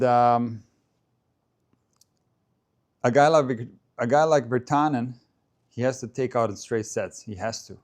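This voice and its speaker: A man's voice: medium pitch, a little mellow. A man hosting a live stream, chatting casually about a tennis match and answering viewers' comments as he goes. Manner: chatty, stops to answer viewer comments and try out name pronunciations.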